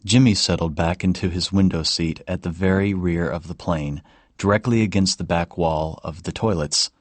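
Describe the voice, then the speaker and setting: Male narrator, very deep voice, calm, measured, dry close-mic sound. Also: no room sound. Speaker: audiobook narrator. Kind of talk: scripted narration.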